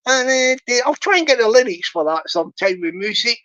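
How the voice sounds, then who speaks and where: Woman, slightly high voice, rambling chat host who hums songs; muffled lo-fi sound. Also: animated, fairly quick, fairly bright tone. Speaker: livestream host. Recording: dull lo-fi audio.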